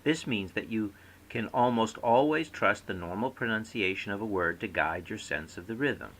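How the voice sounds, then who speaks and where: A man's voice: fairly low pitch, moderate pace, fairly bright tone, low-quality recording. A man giving a scripted recorded lecture as a course instructor, reading aloud and demonstrating word stress by example.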